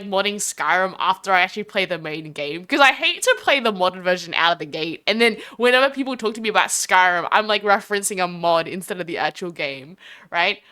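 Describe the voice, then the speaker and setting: A woman's voice: medium pitch, pushed and bright. A young Australian woman chatting casually and bubbly on a live stream, rambling and giggling between thoughts.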